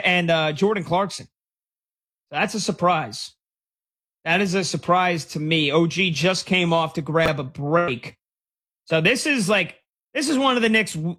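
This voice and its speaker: A man hosting a sports talk show, reacting to a live game as it unfolds and reading texts from listeners. His voice sits high and sounds bright and forceful, and he gets excitable, sometimes rising to a shout. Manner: excitable, rapid, breaks into shouts. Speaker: sports radio host.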